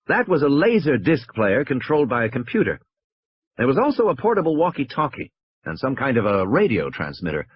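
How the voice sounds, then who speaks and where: A man reading an audiobook aloud in a very expressive, swooping way. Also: fairly low pitch, slightly rough, no echo. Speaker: audiobook reader. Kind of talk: audiobook narration. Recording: dull lo-fi recording.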